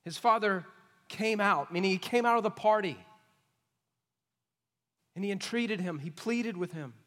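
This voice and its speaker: A man preaching an expository sermon, emphatic and questioning, swinging between loud points and hushed asides. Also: high voice, a little slow. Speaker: pastor. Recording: long reverb of a large hall.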